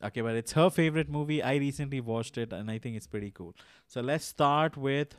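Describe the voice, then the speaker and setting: A man hosting a podcast interview in a friendly way, often laughing and restarting his sentences. His voice sits at a middle pitch and sounds dry and close. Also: a little fast, few pauses, clean tone, dry recording. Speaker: podcast host. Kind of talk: interview questions.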